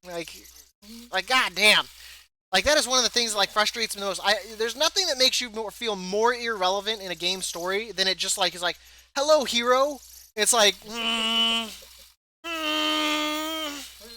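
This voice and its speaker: A man streaming live, chatting casually while he plays a game, in a rambling, animated way full of filler words. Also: high-pitched, a little fast, poor audio.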